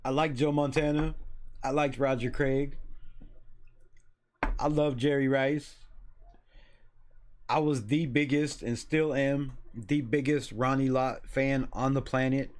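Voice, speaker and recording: A man in his forties from Los Angeles runs his own football talk channel, with an everyday middle-pitched voice. He rambles along loosely, swears casually and laughs at his own remarks. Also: steady tone, slow pace, long pauses, darkish tone. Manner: loose, chatty, swears freely, laughs at himself. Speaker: sports channel host. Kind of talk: casual sports commentary.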